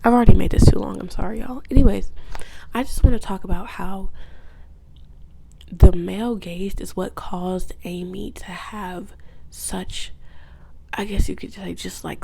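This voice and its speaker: A woman's voice: mid-range voice, steady tone, a little slow, creaky, long pauses, mellow, a little hiss or hum. A woman vlogger giving a casual, rambling, profane recap, often dropping into whispered asides. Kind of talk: casual video essay recap.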